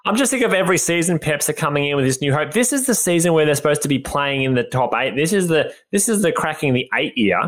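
A man's voice: fairly high pitch, animated, fast, hardly any pauses, fairly bright tone. An Australian man co-hosting a sports podcast, venting in exasperated casual banter. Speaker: podcast co-host.

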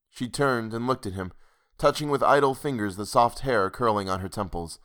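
A man's voice: mid-range voice, moderate pace, few pauses, a bit bright. Man reading a ghost story aloud. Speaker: narrator. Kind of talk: scripted storybook narration.

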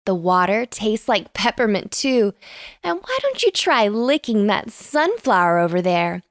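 A woman's voice: mid-range voice, sing-song, a little slow, no echo, clean studio sound. A woman voicing a cheerful female magical unicorn in a bedtime story, playful in manner.

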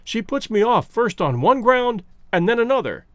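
An anxious, persistent suitor pleads his case in an earnest, high voice, as a male audiobook reader plays him. His pitch rises and falls with urgency. The sound is close and dry. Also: sing-song, normal speed, a bit bright, no room sound, full character voice. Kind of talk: audiobook character voice.

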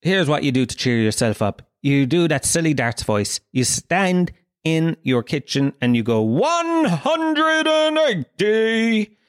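A man's voice: medium pitch, expressive, normal speed, no echo. A young Irish man hosting his own podcast, telling rambling, profane, jokey stories into a close mic. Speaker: podcast host. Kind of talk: comic monologue.

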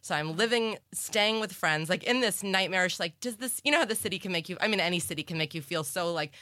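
A middle-aged woman with a low-set but bright, forceful voice, chatting as a guest in an interview. She tells her story in a rush of "like" fillers and quick laughs. The recording is dry and close, with no room around it. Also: no room sound. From Cape Cod, Massachusetts. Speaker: author guest. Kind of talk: casual interview chat.

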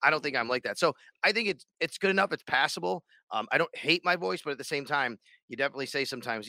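Male sports radio host, bright dry voice, rambling casual podcast chat. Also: fairly high pitch, animated, fast, creaky, few pauses, no room sound. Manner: rambling, many restarts and fillers.

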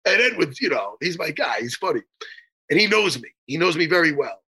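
Raspy, animated man telling a rambling story. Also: on the high side, fairly quick. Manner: rambling, profane, stammering restarts; animated, laughing bursts. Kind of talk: casual comedic storytelling chat.

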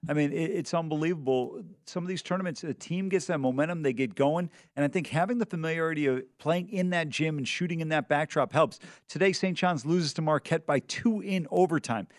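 A man's voice: on the high side, a little fast, hardly any pauses, no echo, clean studio sound. A man co-hosting a sports betting show, talking in an emphatic, jokey, opinionated way. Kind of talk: casual sports talk.

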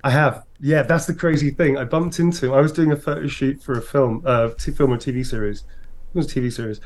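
A man, an actor and interview guest, telling lively anecdotes and acting out the voices of the people in them. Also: mid-range voice, fast talker. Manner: lively, animated storyteller who acts out voices. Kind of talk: interview storytelling.

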